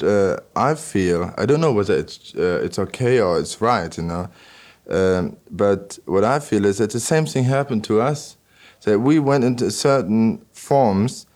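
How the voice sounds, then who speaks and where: Halting low-voiced man, endless fillers. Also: a little mellow. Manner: halting, constant "you know" fillers, frequent restarts. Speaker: electronic musician guest. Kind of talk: conversational interview answers.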